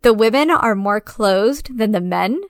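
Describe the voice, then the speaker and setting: A woman co-hosting a casual film discussion, chatty and full of fillers and quick asides. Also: mid-range voice, expressive, clear, resonant tone, dry recording, studio quality. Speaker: podcast co-host.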